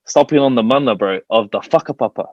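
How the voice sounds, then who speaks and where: A man's voice: mid-range voice, fast talker, no echo. A man, a TV presenter telling stories as a guest in a casual chat. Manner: animated storyteller, says "bro" a lot. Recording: dull lo-fi stream audio.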